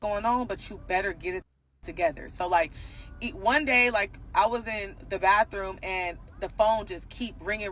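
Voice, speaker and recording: Young woman, animated storytime, bright forceful voice. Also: medium pitch, normal speed, a little hiss or hum, rough recording. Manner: animated, acts out quotes, bursts into loud outrage. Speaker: vlogger telling a personal story. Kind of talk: casual storytime.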